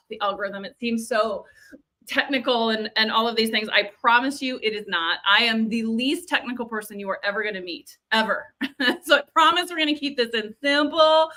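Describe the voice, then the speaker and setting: A woman's voice: on the high side, pushed and bright. A woman coaching a live online training, chatty and upbeat, repeating words and restarting sentences as she talks. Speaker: video and growth coach.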